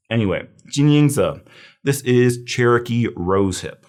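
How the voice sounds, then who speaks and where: A man's voice: low voice, lively intonation, normal speed. A man lecturing on herbal medicine in a casual, thinking-aloud way, with fillers and restarts. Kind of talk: recorded review lecture.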